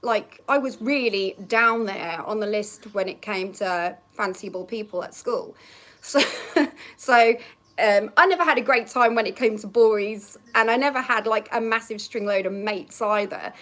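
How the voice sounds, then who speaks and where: A woman's voice: mid-range voice, a little slow, fairly bright tone. A young woman from Norfolk chatting casually outdoors on a balcony, telling a story and often laughing as she acts out remembered lines. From England, Norfolk. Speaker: vlogger.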